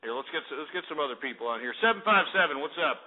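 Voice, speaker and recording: A man's voice: fairly high pitch, lively intonation, rapid-fire. A man hosting an internet call-in radio show, ranting at and insulting his callers and cutting them off abruptly. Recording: lo-fi phone-like internet radio audio.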